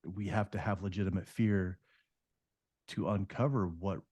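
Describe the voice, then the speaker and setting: A man hosts a podcast and answers his guest with measured, thoughtful reflections. His voice is very low and stays flat and even. The sound is dry and close. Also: husky, no echo. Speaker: podcast host. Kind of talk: reflective interview commentary.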